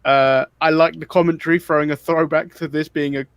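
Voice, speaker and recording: A man's voice: fairly high pitch, level tone, fairly quick, smooth, no room sound, muffled recording. A man hosting a wrestling podcast in casual chat, leading the recap with wry, critical remarks.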